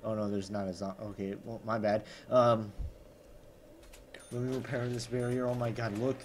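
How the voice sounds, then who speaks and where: A man's voice: on the low side, flat delivery, normal speed, a little hiss or hum. Overexcited man in a gamer parody. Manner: overexcited, constant gasping exclamations; sarcastic asides. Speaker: gaming YouTuber parody. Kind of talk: comedic gameplay commentary.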